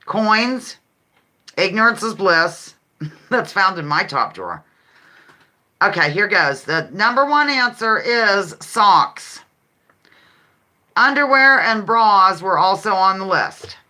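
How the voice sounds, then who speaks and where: Lively, bright-voiced woman hosting a live stream. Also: medium pitch, slow, pauses often. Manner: chatty, giggly, reads viewer comments aloud. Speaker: livestream host. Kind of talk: casual live-stream game chat.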